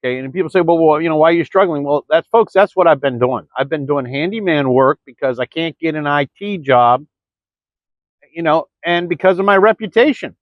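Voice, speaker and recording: Expressive and fairly high-pitched, a vlogger from Florida talks at a moderate pace in a rambling monologue, stumbling over words and calling listeners "folks." It's early morning, indoors or near the camera, and the sound is dry, dull lo-fi with no echo.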